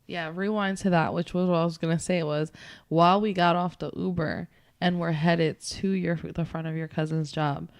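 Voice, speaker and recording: A woman's voice: lowish voice, steady tone, normal speed, clear, resonant tone, no echo. A woman co-hosting a podcast in casual chat, blunt and teasing, swearing freely. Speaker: podcast co-host.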